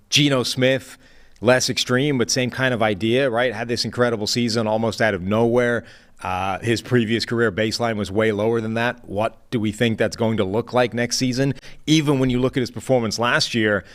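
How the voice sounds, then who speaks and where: A man hosting a casual sports discussion as a football analyst, measured and analytical as he lays out his points one by one. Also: medium pitch. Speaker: show host and football analyst.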